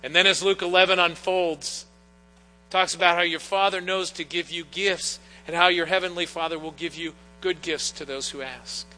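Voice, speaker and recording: A middle-aged pastor preaches a sermon in a church sanctuary, telling personal anecdotes in an earnest storytelling style. His high-pitched voice is pushed and bright, with fairly even intonation at a moderate pace. Long church reverb and a faint mains hum fill the recording.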